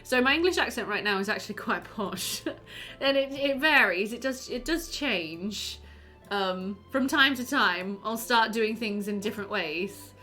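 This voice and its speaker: A woman's voice: mid-range voice, unhurried, bright, forceful tone, faint music behind. A woman game streamer chatting casually with her live chat while playing, giggly and talkative.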